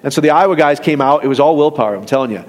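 A man preaching a sermon in a lively, conversational way, acting out quoted voices as he talks to his congregation during a church service. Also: a little high, racing, long reverb tail. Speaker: pastor.

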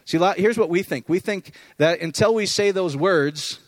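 Animated, higher-pitched male preacher. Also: moderate pace, dry recording. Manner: conversational, animated, often asks "does that make sense". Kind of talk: informal sermon.

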